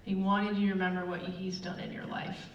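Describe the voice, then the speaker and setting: Woman, middle-aged, casual sermon, animated storytelling, muffled, faint room hum. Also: on the low side, fairly quick. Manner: chatty, animated storytelling with many fillers. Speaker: church speaker. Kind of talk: casual sermon with personal stories. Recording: roomy, distant, dull with faint room noise.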